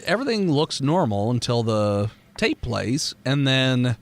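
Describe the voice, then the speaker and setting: A man's voice: medium pitch, very animated, unhurried, a little hiss or hum. A man narrating as game master, explaining in a loose, chatty way with filler words.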